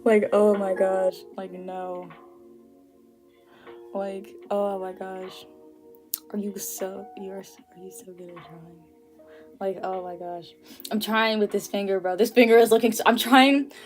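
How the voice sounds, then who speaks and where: A woman's voice: mid-range voice, flat delivery, measured pace, pauses often. A young woman hosting an art livestream, chatting casually while she draws, full of fillers and frequent laughter. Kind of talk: casual chat while drawing. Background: faint music.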